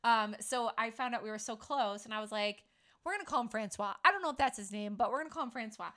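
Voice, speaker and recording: A middle-aged woman hosts a relaxed chat. She tells stories in a playful, chatty way and acts out the lines of the people she quotes. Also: a little high, fast. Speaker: podcast host. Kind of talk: casual chat.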